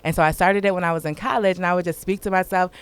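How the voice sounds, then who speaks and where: A woman who is a guest in a casual interview, talking in an animated, informal way and laughing often. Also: lowish voice, racing, smooth.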